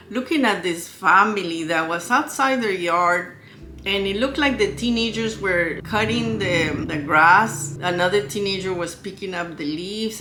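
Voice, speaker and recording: A woman's voice: fairly low pitch, bright, forceful tone, a little hiss or hum. A woman giving an informal spoken lesson on relationships in a candid, conversational way, often asking rhetorical questions. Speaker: relationship educator. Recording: echoey room with faint music.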